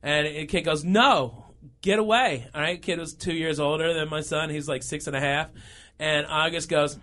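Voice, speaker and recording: In a casual chat, a man in his thirties tells a funny story, laughing through his lines with animation and often saying "okay" and "all right." His voice is on the high side and his pace moderate.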